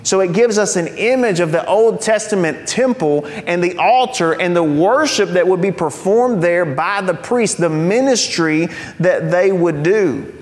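A man with a high voice preaches a sermon, teaching in a conversational way with the odd joking aside. He slows right down to lean on the key phrases. His voice rings out with a long reverb, as if in a large church sanctuary. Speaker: pastor.

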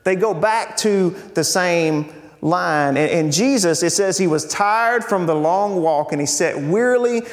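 A man preaches a sermon in an easy, conversational way. He restarts phrases and repeats words, and his voice sits a little high. A long hall reverb trails behind him. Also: measured pace.

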